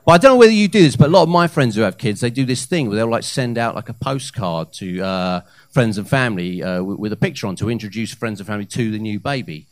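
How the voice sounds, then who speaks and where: Animated man doing live stand-up. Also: on the low side, fast, few pauses, no echo. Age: 30s. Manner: animated, with hesitant fillers and loud punchlines. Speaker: stand-up comedian. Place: comedy club stage. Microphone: handheld stage mic.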